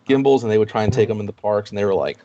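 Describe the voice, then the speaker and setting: A man chatting casually as a podcast guest, telling animated stories and acting out what others said. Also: racing, dull audio. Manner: animated storyteller, quotes people in a higher voice. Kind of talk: casual chat.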